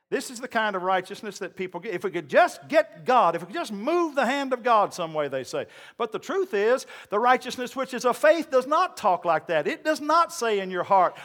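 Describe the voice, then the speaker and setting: A male pastor preaching a sermon, telling folksy stories and then climbing into loud, shouted preaching. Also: high-pitched.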